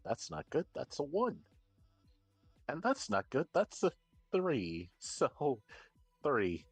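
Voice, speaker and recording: Man player, low husky voice, lively up-and-down pitch, slow, dry recording. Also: dry recording, soft background music. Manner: slow and deliberate, thinking out loud. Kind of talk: playing a tabletop game.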